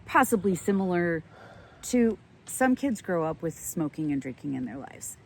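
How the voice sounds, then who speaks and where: Gentle low-voiced woman host. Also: big pitch swings, normal speed, slight background noise. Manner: supportive, gentle, laughing often. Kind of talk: casual chat.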